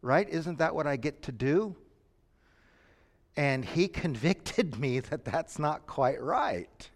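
A man preaching a sermon, moving between quiet lines and sudden shouts. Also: a little high, expressive, slow. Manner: dramatic, shifts from quiet to shouting. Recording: long reverb from a hall.

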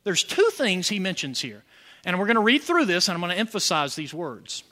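A man's voice: high voice, very animated, fairly quick, pushed and bright. A man preaching a sermon as pastor, asking the congregation questions and building to emphatic points. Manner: preaching with rising emphasis and call-and-response questions.

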